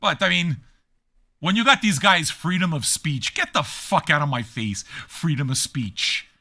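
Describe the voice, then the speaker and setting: A man's voice: fairly high pitch, very animated, moderate pace, pushed and bright. A man hosting a DJ livestream, ranting at chat viewers in a profane, mocking and combative way. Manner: mocking, combative and crude, with laughing jabs. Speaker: DJ and livestream host.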